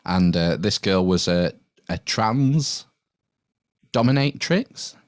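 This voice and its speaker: A British man with a very deep voice spins an offhand, laid-back story in casual podcast chat. He swears freely and breaks into laughter easily. The sound is dry and close, with no room echo. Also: expressive, takes it slowly, smooth. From United Kingdom. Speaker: podcast guest or co-host.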